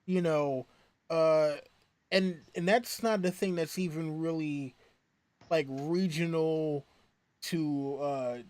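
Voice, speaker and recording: Rambling, higher-voiced man in casual table chat. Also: steady tone, takes it slowly, darkish tone, dry recording. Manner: rambling, full of restarts and laughter.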